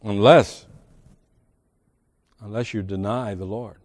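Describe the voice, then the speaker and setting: A man's voice: fairly low pitch, fairly even intonation, slow, darkish tone, long reverb tail. A man preaching a sermon as pastor, reading scripture aloud with emphatic swells and sudden drops. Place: large church sanctuary.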